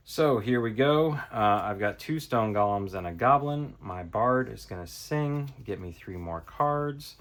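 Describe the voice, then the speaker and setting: A man's voice: fairly low pitch, lively intonation, measured pace, few pauses, fairly bright tone. A man casually playing through a tabletop card game, thinking aloud and counting cards as he goes. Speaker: board game reviewer. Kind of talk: casual tabletop playthrough tutorial.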